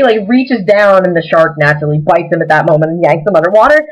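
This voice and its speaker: A woman's voice: mid-range voice, fast, poor audio. A woman recapping a movie in a casual, rambling way. She is sarcastic, says "like" constantly and laughs between lines. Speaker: movie reviewer.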